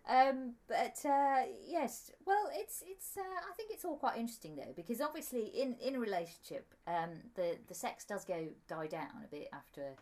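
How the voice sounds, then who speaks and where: A woman's voice: fairly high pitch, big pitch swings, moderate pace, hardly any pauses, a little mellow. A woman co-hosting a casual comedic chat, giggly and rambling with lots of ums. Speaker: podcast co-host.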